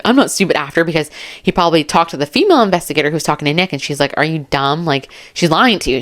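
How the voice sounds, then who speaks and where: A woman giving casual, excitable true crime commentary to her viewers, chatty and often laughing as she reads messages aloud. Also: sits low.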